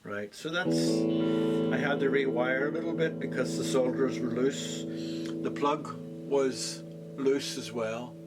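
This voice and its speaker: Man, luthier type, plain mid-pitched voice, relaxed and rambling, electric guitar playing behind him. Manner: easygoing, rambling, with frequent "uh" pauses. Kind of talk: casual workshop walkthrough.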